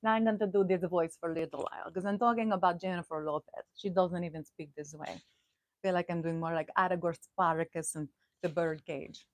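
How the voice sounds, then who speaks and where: A woman hosting a live stream in a casual, chatty way, giggling often and throwing in loud, swearing asides. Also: lowish voice, steady tone, fairly quick, no echo, rough recording. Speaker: host.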